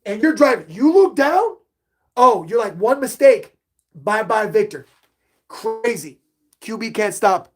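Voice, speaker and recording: A man's voice: high voice, unhurried, long pauses. A middle-aged man hosting a live sports podcast stream, reading chat questions aloud and getting hyped up. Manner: animated, hypes himself up, reads chat questions aloud.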